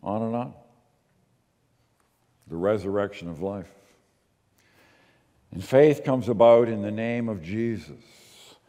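A man preaching a sermon as pastor, moving between quiet asides and emphatic, slowed readings of scripture. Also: on the low side, long reverb tail.

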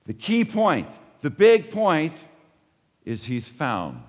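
Animated male preacher in a reverberant hall. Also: slow pace. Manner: animated preaching, dropping low and soft for emphasis. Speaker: pastor. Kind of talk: sermon.

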